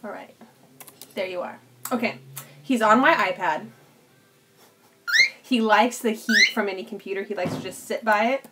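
A woman's voice: medium pitch, moderate pace, long pauses, background noise. A woman streaming cosplay work from home, chatting casually with viewers and her pet bird, laughing often. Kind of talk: casual live stream chat.

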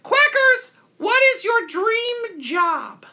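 A squeaky toilet paper puppet host. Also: male voice, sing-song, very slow, pushed and bright, exaggerated voice. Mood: cheerful. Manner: chatty, upbeat, playful. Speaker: host of a call-in show. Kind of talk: live stream call-in chat.

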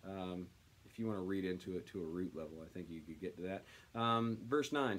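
A man leads a casual Bible study, reading scripture out slowly and then musing on it. He talks as he thinks, with plenty of ums and uhs between his thoughts. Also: fairly low pitch. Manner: thinks aloud with many fillers, reads slowly then comments.

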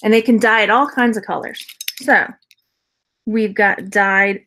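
A woman's voice: mid-range voice, a little slow, vocal fry, a bit bright. A woman casually chatting through a jewelry unboxing haul as a reseller vlogger, rambling, laughing often and answering viewer comments. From Texas.

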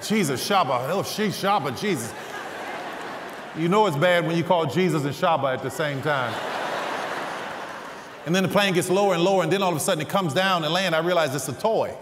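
A man's voice: a little high, fast, background noise. Man preaching with humorous stories, echoey hall. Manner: humorous, animated storyteller. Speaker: guest preacher. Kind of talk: sermon told as personal stories. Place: large church hall stage. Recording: echoey hall, faint ambience.

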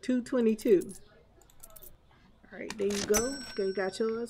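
A woman's voice: fairly high pitch, fairly even intonation, moderate pace, noisy background. A woman streamer giving chatty live gameplay commentary, laughing often and talking back to chat and the game's customers.

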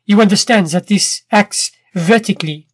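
Sneering inventor villain for a classic story reading, male reader, sly and mocking, pitched high. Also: normal speed, no room sound. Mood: evasive. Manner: smooth, mocking, then stammering when scared.

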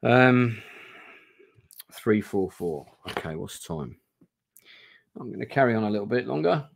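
A man's voice: fairly low pitch, lively intonation, measured pace, creaky, a little hiss or hum. A man streaming a gamebook play-through from home on camera, reading aloud casually, swearing and chatting to viewers. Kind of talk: live reading and casual chat. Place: home room.

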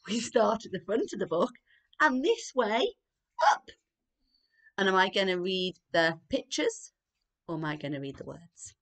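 A playgroup leader reading a picture book aloud to young children, gentle and animated with soft whispered asides. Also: female voice, lowish voice, slow, pauses often.

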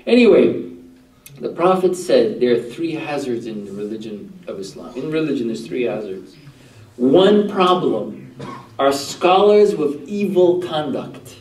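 A man's voice: mid-range voice, expressive, measured pace, a little mellow. Man preaching in an echoey room. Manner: rhetorical questions to the audience. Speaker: religious teacher. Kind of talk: Muharram talk to a group. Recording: echoey room, voice far from mic.

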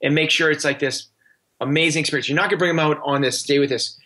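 Speaking quickly in a slightly high, steady, sharp-toned voice, a man joins a podcast as a coaching guest. His casual interview talk is earnest, peppered with fillers and many restarts.

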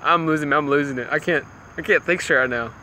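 A young man chats to his stream viewers in an excitable, easily amused way, often breaking into laughter. His voice is bright and a little high. Faint night ambience with crickets and passing traffic sits behind him. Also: fast talker. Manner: excitable, laughs a lot, greets chat viewers. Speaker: livestream gamer. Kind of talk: casual livestream chat.

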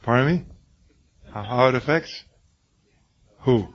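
An older man with a raw, hoarse voice lectures a class in an emphatic, repetitive way, restarting his sentences often. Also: medium pitch, animated, slow pace. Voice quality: husky. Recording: dull lo-fi classroom recording.

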